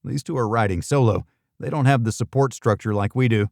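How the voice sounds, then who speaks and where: Steady male thriller audiobook narrator. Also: medium pitch, a little fast, vocal fry, no room sound, clean studio sound. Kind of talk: first-person thriller narration.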